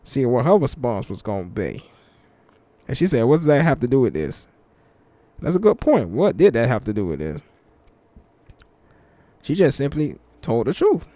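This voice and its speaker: A young man giving casual reaction commentary in relaxed slang, slowing down when he reads verses aloud. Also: mid-range voice, no echo. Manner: laid-back slangy banter, reads scripture slowly. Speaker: commentary channel host. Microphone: headphones with mic.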